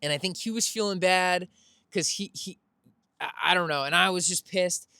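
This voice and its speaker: A man's voice: sits high, normal speed, pushed and bright, clean tone, dry recording, studio quality. A man hosting a podcast, telling a casual, rambling story, correcting himself and laughing as he goes. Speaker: podcast host.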